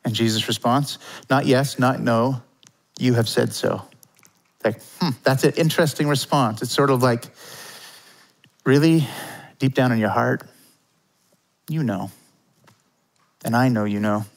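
A man's voice: mid-range voice, low-quality recording. A man preaching a sermon as pastor, from Canada, talking loosely and conversationally with lots of "like" and "kinda".

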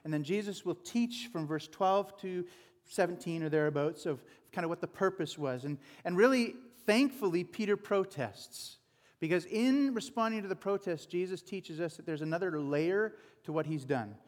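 A man's voice: high-pitched, normal speed, big-room sound. A male pastor giving an informal, chatty sermon with conversational asides.

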